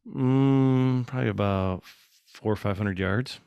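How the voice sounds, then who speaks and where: Casual podcast guest, man, gravelly and low, dry close mic. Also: a little slow, dry recording, highs cut off. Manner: animated storyteller, acts out quotes. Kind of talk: casual chat.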